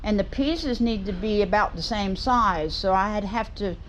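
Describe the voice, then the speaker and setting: A middle-aged Southern woman rambles along in a folksy, chatty way. She talks to her viewers from her woodturning workshop, at a middle pitch. A faint hum of noise sits behind her voice. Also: measured pace. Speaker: woodturning vlogger. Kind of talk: casual chat to camera. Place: home workshop.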